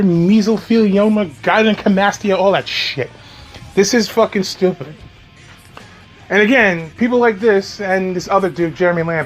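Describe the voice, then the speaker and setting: A man giving profane reaction commentary, sarcastic and mocking, with frequent swearing and laughter. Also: high-pitched. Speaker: commentary YouTuber. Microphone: home recording, off camera.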